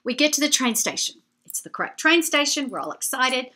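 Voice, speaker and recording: A woman telling a travel story to her viewers in a chatty, animated way. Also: high-pitched, brisk. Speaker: vlogger. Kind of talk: storytelling travel anecdote to camera.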